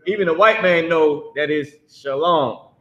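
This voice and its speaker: A man's voice: a little high, unhurried, a bit bright, dull audio. A man teaching a class, blunt and emphatic, swearing freely as he explains.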